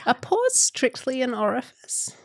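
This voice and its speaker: A woman's voice: high-pitched, big pitch swings, unhurried, no room sound. An Australian woman co-hosting a podcast in casual chat, with dry, teasing banter. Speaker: podcast co-host.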